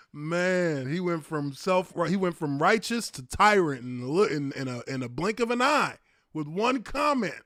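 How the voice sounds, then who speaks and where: Excitable, profane man reacting loudly. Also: sits high, takes it slowly, long pauses, dry recording, clean studio sound. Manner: loud, profane, bursts of laughter and exclamations. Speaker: streamer reacting to an archival clip. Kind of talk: casual reaction commentary.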